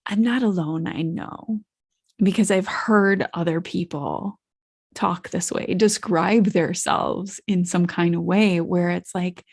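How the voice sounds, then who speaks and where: Slow, low-voiced woman podcast host. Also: slightly rough. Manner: reflective, asks listeners questions. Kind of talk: solo podcast monologue.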